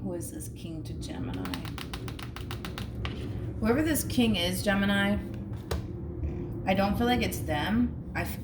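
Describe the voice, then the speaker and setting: A chatty woman in mid-range pitch, giving a casual tarot reading and repeating phrases for emphasis. Her voice sits a little away from the mic in an echoey room, with a faint hiss behind it. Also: distant mic. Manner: chatty, repeats phrases, drops into hushed quotes. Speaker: tarot reader.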